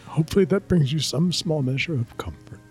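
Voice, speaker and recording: A man playing a tabletop game, speaking in a calm, formal, reassuring way. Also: a little high, brisk, faint music behind. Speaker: player. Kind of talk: in-character tabletop play.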